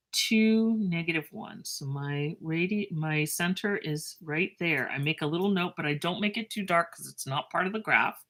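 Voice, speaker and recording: Teaching math, this woman speaks in a low register with a talkative, self-deprecating manner. Animated asides pop up, and her words drag out as she writes on the board.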